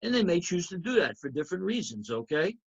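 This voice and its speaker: Emphatic high-voiced man teaching accounting. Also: very animated, quick pace, gravelly, breathy edge, highs cut off. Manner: emphatic, repeats key points, asks students rhetorical checks. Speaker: accounting instructor. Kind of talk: recorded lecture review.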